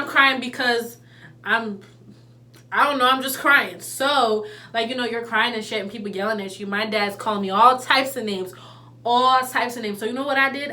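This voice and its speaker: A young woman telling a personal story in a casual, slangy, animated way. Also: a little high. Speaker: vlogger.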